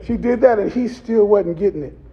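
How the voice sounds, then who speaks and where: A man preaching a funeral sermon as pastor, whooping and shouting in a rising chanted cadence. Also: high-pitched, fairly quick, dull audio. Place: church sanctuary.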